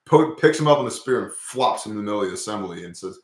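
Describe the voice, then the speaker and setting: A man hosting a casual talk about scripture, telling stories in an animated, profane way. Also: on the low side, fast, roomy sound.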